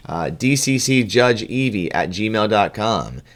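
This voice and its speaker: Low-voiced rambling male podcast host. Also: lively intonation, unhurried. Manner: rambling, full of fillers and restarts. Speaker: podcast co-host and game judge. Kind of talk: casual podcast chat.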